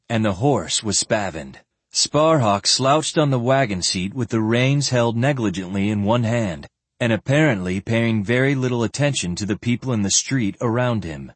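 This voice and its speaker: A man narrating a fantasy novel aloud in an expressive storytelling manner. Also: mid-range voice, slightly rough, dry recording. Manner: expressive, even-paced storytelling. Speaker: audiobook narrator. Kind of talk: scripted narration.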